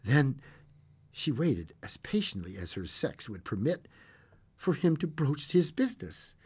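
A man narrating a classic short story aloud in an expressive way, with occasional stumbles and chuckles. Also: medium pitch, unhurried, breathy edge.

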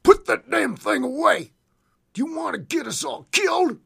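A man voicing an alarmed stagecoach passenger scolding in a loud stage whisper. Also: very high voice, big pitch swings, normal speed, creaky, voice pushed up, heavily acted.

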